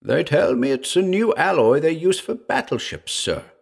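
Old male caretaker of a crypt, read by a man, gravelly, old-fashioned speech, grave and urgent, storybook reading. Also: a little high, big pitch swings, normal speed, voice pushed up, heavily acted. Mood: proud.

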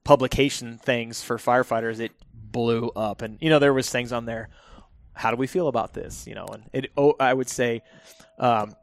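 A firefighter guest telling stories in a relaxed podcast conversation, laughing often and restarting his sentences. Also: mid-range voice, normal speed, no echo.

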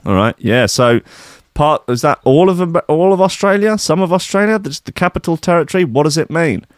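A man's voice: on the high side, animated, fairly quick, dry recording, clean studio sound. A man hosting a casual chat show, sarcastic and chatty, laughing often. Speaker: radio show host.

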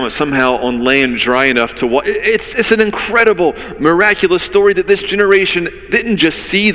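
Preaching in a conversational style, a male pastor with a medium-pitched, fairly bright voice tells vivid stories and asks rhetorical questions. His words echo with the long reverb of a large hall.

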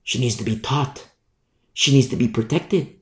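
A man's voice: mid-range voice, moderate pace. A man preaching a sermon emphatically, driving points home with repetition. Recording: echoey room.

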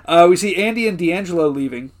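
A young man co-hosting a casual recap podcast, talking in an animated way, swearing, laughing often and acting out characters' lines. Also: high voice, fast. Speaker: podcast co-host.

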